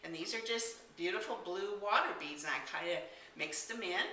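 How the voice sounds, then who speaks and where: A woman's voice: on the low side, moderate pace, bright, forceful tone, distant mic, a little hiss or hum. A woman casually demonstrating decorating crafts, chatty and enthusiastic, exclaiming as she works. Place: indoor room. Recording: echoey room, somewhat off-mic.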